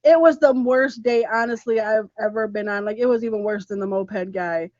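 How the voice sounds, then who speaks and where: A woman with a high voice tells a story on a podcast, animated and emphatic, laughing as she goes. The sound is dry and a bit dull. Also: moderate pace, dry recording. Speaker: podcast co-host. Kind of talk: casual storytelling chat. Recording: dull, slightly muffled podcast audio.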